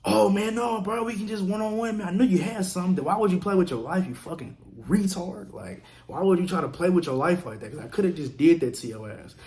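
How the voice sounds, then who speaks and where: A man's voice: high voice, a little fast, few pauses, darkish tone, voice pushed up. A man voicing a panicky toothless young male tweaker who backs off, pleading, then scolding.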